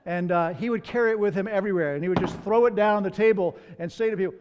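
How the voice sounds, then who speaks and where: A man's voice: high voice, racing, big-room sound, muffled recording, noisy background. A man preaching a sermon as pastor. He tells stories in a conversational way, with candid asides.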